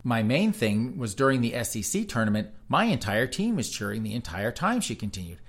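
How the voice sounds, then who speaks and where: Speaking fairly quickly at a medium pitch, a man hosting a talk show reads articles aloud in a flat news cadence. He punctuates the casual headline commentary with sarcastic, mocking asides.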